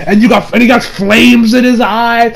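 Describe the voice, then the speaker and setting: A man casually reviewing an anime episode, animated and swearing freely, acting out characters with big voice swings and laughs. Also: very high-pitched, normal speed. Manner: swears freely, many fillers.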